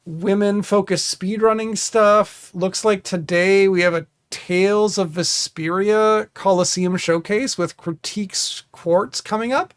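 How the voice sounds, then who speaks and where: A man hosting a stream, chatting casually and halting often with fillers as he wraps up. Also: high-pitched, fairly even intonation, smooth, no echo, clean studio sound. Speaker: streamer host. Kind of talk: casual stream sign-off chat.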